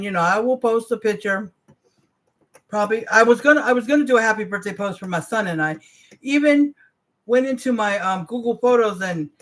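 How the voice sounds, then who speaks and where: A woman's voice: medium pitch, fairly bright tone. A woman in her forties chatting casually on a livestream, rambling in trailing asides and greeting viewers. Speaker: livestream host.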